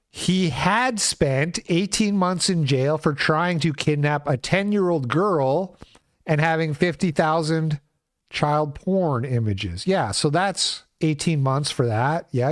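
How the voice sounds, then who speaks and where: A man's voice: a little high, no echo, clean studio sound. A man hosting his own show, ranting in casual commentary with a sarcastic edge. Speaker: show host.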